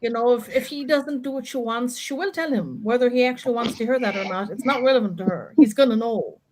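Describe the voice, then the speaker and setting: A woman's voice: a little high, fast, darkish tone, rough recording. Chatty, opinionated woman host. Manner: opinionated, chatty, frequent fillers and laughs. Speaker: host of a reality show live chat. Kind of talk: casual chat.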